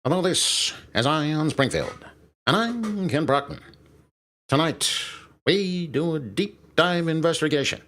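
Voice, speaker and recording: A man voicing a pompous male cartoon TV news anchor, using a booming newsreader delivery. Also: expressive, measured pace, a bit bright. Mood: newsreader bluster.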